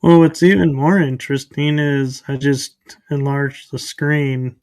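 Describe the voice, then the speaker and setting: A man hosting a casual interview, relaxed and curious as he reacts to his guest's stories. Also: on the high side, a little slow, no echo. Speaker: podcast host.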